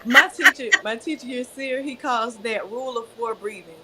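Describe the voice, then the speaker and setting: A woman yoga teacher guiding a breathing exercise, speaking calmly and instructively and answering politely. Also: on the high side, normal speed, very noisy. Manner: calm, instructive, says "yes, ma'am".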